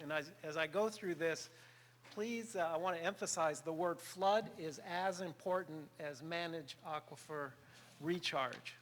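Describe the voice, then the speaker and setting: Older guy presenting at a public meeting, kinda high voice, lots of uhs, echoey hall. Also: a bit bright. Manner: earnest, measured, with frequent uh fillers. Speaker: workshop presenter.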